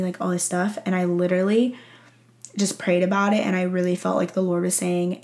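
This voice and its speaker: A young woman podcast host telling a personal story in casual chat, talking warmly, laughing often and filling her talk with "like.". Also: fairly low pitch, level tone, fairly quick, creaky. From Texas. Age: young adult. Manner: chatty, emotional, laughs often, many "like" fillers. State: teary-eyed. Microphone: audio-only recording.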